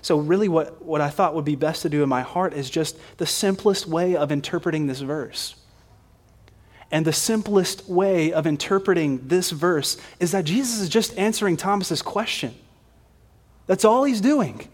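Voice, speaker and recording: A man's voice: a little high, moderate pace. A man preaching a sermon in a conversational, emphatic way. He asks rhetorical questions and often repeats words.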